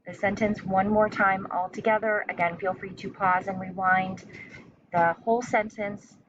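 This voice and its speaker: A woman teacher slowly dictating a spelling test, repeating each word and sentence with care. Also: medium pitch, fairly even intonation, distant mic, muffled recording, a little hiss or hum. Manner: slow, careful dictation with repeated words.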